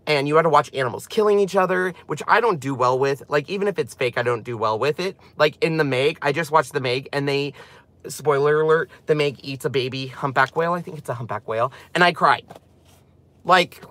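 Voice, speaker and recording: A man presenting a craft channel, chatting casually and rambling excitedly as he walks through a product. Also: a little high, fairly quick.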